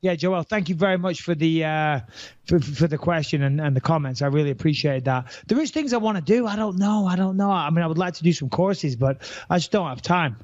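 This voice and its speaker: A man from the north of England talks through a casual podcast, rambling and restarting his sentences. His voice sits fairly high. The mic sounds dry and a little dull. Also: fairly quick, darkish tone, no room sound. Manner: rambling, frequent restarts and fillers. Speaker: podcast co-host, retired fighter.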